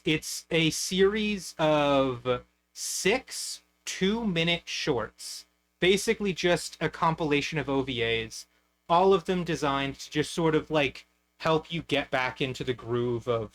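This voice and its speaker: Rambling young man with a higher voice. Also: a bit bright. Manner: rambling, swears, frequent fillers and restarts. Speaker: streamer host. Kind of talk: casual anime review chat.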